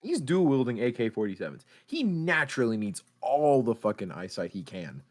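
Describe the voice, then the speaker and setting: Male player, mid-pitched, very lively intonation, laid-back and jokey. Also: normal speed. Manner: laid-back, laughing, animated. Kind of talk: casual tabletop game play.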